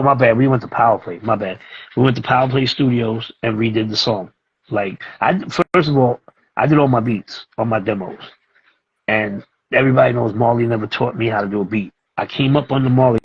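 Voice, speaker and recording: A man's voice: medium pitch, slightly rough, muffled recording. A man, telling a story casually as a guest and acting out the voices of the people in it. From East New York, Brooklyn. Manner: animated, acts out voices in his stories.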